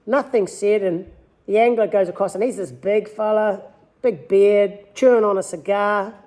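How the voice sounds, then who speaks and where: High-voiced New Zealand man telling stories. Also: fairly even intonation, moderate pace, a little mellow. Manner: easygoing, rambling anecdotal telling. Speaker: lure maker. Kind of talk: personal storytelling interview.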